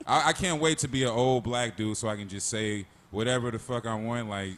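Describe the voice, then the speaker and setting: A man's voice: mid-range voice, fairly quick, a bit bright, a little hiss or hum. A man hosting a casual comedic chat, profane and jokey, slipping into voices for his stories. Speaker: podcast host.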